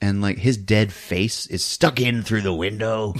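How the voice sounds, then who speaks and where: A man hosting a podcast, casually recapping a film scene by scene, laughing often and acting out the characters' lines in squeaky voices. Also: measured pace. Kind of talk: casual movie recap chat.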